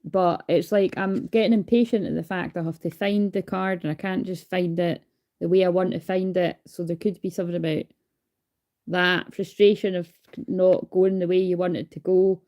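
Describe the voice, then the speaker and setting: A woman's voice: lowish voice, fairly even intonation, normal speed, a little mellow. A woman doing a casual livestream card reading into a phone. She is chatty, swears freely and calls herself hyper. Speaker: tarot card reader.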